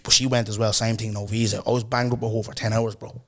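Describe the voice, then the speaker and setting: Irish man telling a lively story. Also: on the low side, fast. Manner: animated, laughs often, acts out quotes. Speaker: podcast host. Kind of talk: casual storytelling chat.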